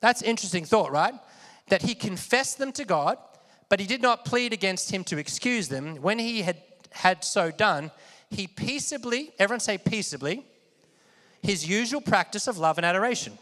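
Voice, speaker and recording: A man's voice: high voice, lively intonation, fairly quick, a bit bright. A man preaching a sermon in a conversational way, often asking his listeners questions and getting them to repeat words. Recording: long hall reverb.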